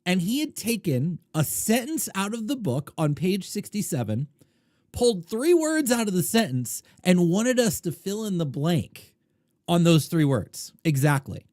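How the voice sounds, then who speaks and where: Lively, animated man telling a story. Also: high voice, no room sound, studio quality. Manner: animated, conversational, swings loud and quiet. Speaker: podcast host, poker coach. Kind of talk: casual storytelling monologue.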